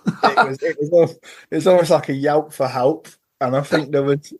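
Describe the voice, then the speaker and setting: A man's voice: fairly high pitch, steady tone, normal speed, husky. A man in casual podcast chat, telling funny stories as a football-fan guest and laughing at his own tales. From England.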